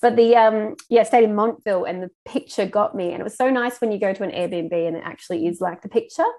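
A woman's voice: mid-range voice, fast talker, a little mellow. A woman hosting a podcast interview, introducing her guest with enthusiasm. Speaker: podcast host.

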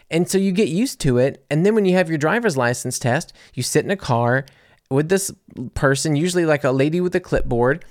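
A young American man from Louisiana, telling a story in a casual, animated way with sarcasm and plenty of fillers and restarts. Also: sits high, brisk, no echo, studio quality. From Louisiana, USA. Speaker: podcast host reading listener comments.

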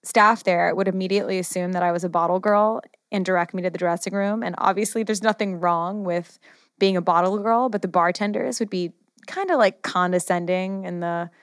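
American woman host with gravelly fry. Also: fairly low pitch, fairly even intonation, brisk, no echo, clean studio sound. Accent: American English. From United States. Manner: chatty, effusive, personal anecdotes. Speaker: interview host. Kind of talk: casual interview conversation.

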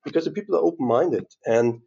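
A man's voice: on the high side, lively intonation, quick pace, vocal fry, dark tone, breathy edge, muffled recording. A man from Bavaria with a German accent, a tourism board chief answering interview questions in English, hesitant with many fillers. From Bavaria, southern Germany. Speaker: tourism board CEO, guest.

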